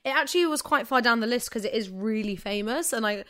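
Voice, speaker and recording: A woman's voice: on the high side, animated, fast, a bit bright. A woman with a London accent co-hosting a casual podcast, gushing enthusiastically and laughing often as she rambles. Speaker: podcast co-host.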